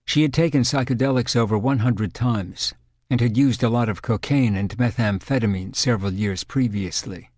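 A man narrating an audiobook in a measured, clinical storytelling manner. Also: medium pitch, a little mellow, dry recording, studio quality.

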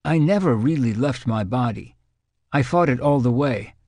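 A man reading an audiobook, voicing a frightened woman in her thirties who recalls a terrifying experience in halting, earnest words. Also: medium pitch, expressive, darkish tone, dry recording, clean studio sound. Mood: shaken. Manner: shaken, halting, earnest recollection.

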